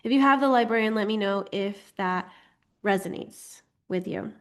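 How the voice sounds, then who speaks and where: A woman's voice: mid-range voice, normal speed. Chatty woman teaching an astrology class. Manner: chatty, animated, acts out inner voices. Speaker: astrology and human design teacher. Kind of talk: casual teaching talk.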